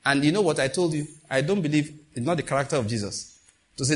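A man delivers a sermon, calling out to his congregation and acting out quotes as he goes. His voice is a little husky and sits fairly high for a man. His pitch swings widely from line to line. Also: fast talker. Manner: animated preaching with call-outs and acted quotes. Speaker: preacher.

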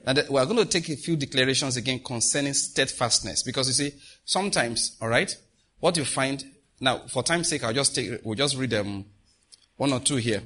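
A man's voice: mid-range voice, normal speed, bright, forceful tone. A man preaching a sermon, reading scripture and leading the congregation in repeated declarations with emphatic delivery.

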